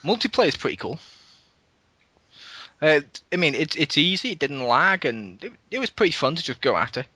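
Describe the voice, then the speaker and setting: A man hosting a casual gaming podcast, his voice pitched a little high and bright. He talks with excitement, laughs often and swears freely. The sound is close and dry. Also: normal speed, husky, no echo. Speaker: podcast host.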